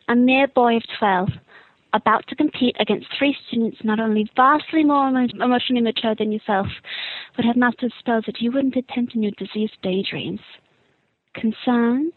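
A woman voicing a cutting, probing female tabloid reporter in a crisp, mocking, deliberate way. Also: a little high, dry recording, natural voice. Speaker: listener sending an impression. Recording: tinny phone-like recording.

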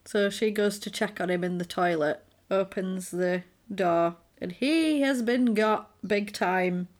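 A woman, co-hosting a podcast and recapping a film in a casual chat, animated and acting out quotes. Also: mid-range voice, takes it slowly. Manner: animated storyteller, acts out quotes.

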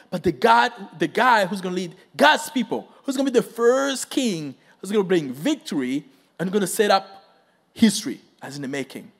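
A man preaching a sermon, telling a story with acted-out quotes and questions to the congregation. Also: sits high. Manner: animated storytelling, acts out quotes, asks the crowd questions.

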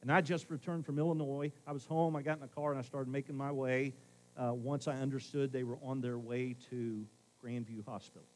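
A middle-aged man preaching a sermon as pastor in a conversational way, swinging between loud emphasis and hushed asides. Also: mid-range voice, flat delivery, fairly quick, rough recording.

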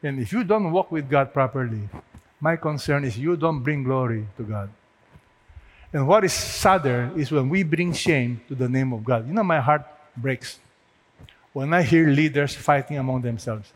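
A man's voice: mid-range voice, animated, normal speed. A man preaching a sermon earnestly, asking rhetorical questions and building to emphatic peaks. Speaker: pastor. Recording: long hall reverb.

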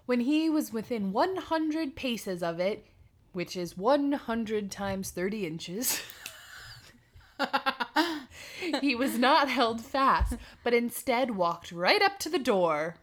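Slow, lively giggly woman reading aloud. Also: fairly high pitch. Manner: giggly, irreverent, swears freely. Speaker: podcast host reading a fairy tale. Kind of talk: casual read-aloud with commentary.

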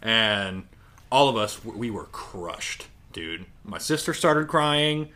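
A young man in his twenties co-hosting a casual podcast, telling animated stories and swearing casually. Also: fairly low pitch, slow. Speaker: podcast co-host. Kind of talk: casual chat.

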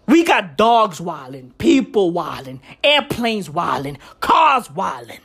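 Woman on her podcast ranting, swears a ton, slangy, voice swings all over, takes it slow. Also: fairly low pitch, vocal fry, husky. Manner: profane, exasperated, animated ranting with slang. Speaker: podcast host. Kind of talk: casual solo podcast rant.

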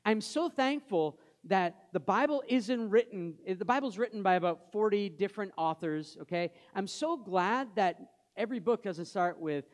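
This man preaches in a chatty style, quizzing his listeners and quieting down for Bible passages. He has a high, lively voice, speaks at an ordinary speed and barely pauses.

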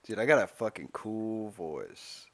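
A man's voice: fairly low pitch, big pitch swings, measured pace, vocal fry, fairly bright tone. Crude, joking male podcast co-host. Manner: crude, joking, profane, trails off mid-sentence. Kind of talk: casual podcast banter.

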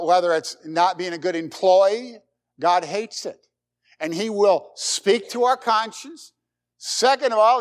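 A middle-aged man preaching a sermon, emphatic, with rhetorical questions and folksy jokes. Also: high-pitched. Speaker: pastor.

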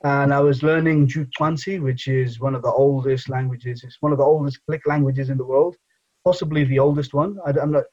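A man's voice: medium pitch, steady tone, a little fast, a little mellow. Guy from england, bengali first language, rambly chat full of you-knows, kinda muffled lo-fi audio. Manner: rambling, many fillers and "you know". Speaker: guest, engineering professor and charity founder. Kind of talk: casual conversational interview.

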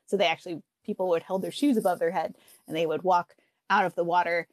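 Young adult woman, podcast co-host, low-pitched, dry sound, casual chatty delivery. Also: steady tone, quick pace, no echo. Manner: chatty, laughs often. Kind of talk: casual chat.

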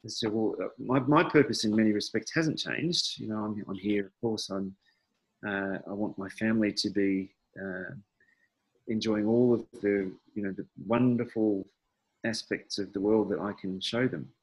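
A middle-aged man, a podcast guest, talking reflectively and hesitantly, with many pauses and restarts. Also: lowish voice, husky, poor audio. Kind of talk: reflective conversational interview.

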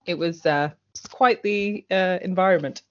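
A woman's voice: fairly low pitch, unhurried. A woman co-hosting a casual chat podcast, blunt and sweary, laughing often and acting out quotes. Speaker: podcast co-host recapping a TV drama. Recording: dull lo-fi audio.

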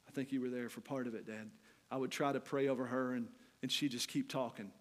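Middle-aged male preacher, mid-range voice, frank storyteller moving between loud and hushed, big echoing church hall. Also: medium pitch, quick pace. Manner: candid storytelling, swinging from loud and animated to quiet and hushed. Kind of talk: sermon. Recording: long hall reverb.

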